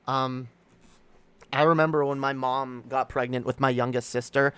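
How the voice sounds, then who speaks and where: A man hosting a casual livestream, talking in a rambling, halting way with many restarts and reading viewer comments aloud to react to them. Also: medium pitch, steady tone, fairly bright tone, clear, resonant tone, no echo. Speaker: streamer host.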